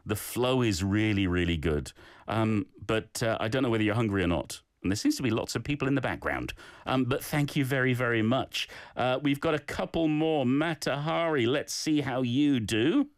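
A man's voice: mid-range voice, normal speed, no echo, clean studio sound. A man hosting a radio language segment, encouraging and playful as he gives feedback to listeners. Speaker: radio host.

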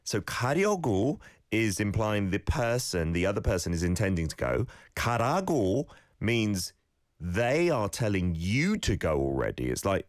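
A male radio host teaching Korean in a studio, lively and encouraging, carefully explaining pronunciation. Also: on the low side, moderate pace, no echo. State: slight cold, sneezing. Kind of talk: radio lesson with listener clips.

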